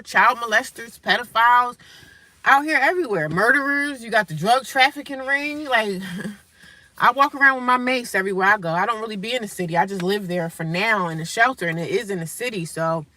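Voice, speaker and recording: Bright-voiced, frank woman vlogger. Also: medium pitch, no echo. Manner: frank, emphatic, motivational. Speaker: vlogger living in a shelter. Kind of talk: casual talk to camera.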